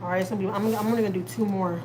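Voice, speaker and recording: Chatty mom on a live stream. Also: female voice, medium pitch, steady tone, rapid-fire, noisy background. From Texas, USA. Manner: chatty and rambling, talks straight to viewers. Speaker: family vlogger hosting a live stream. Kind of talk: casual live-stream chat. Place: at home.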